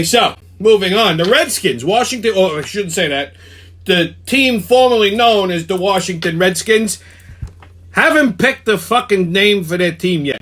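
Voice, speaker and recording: A man's voice: high voice, a bit bright. Profane ranting New man. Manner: profane, heated, swears constantly. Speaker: show host. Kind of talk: ranting weekly commentary.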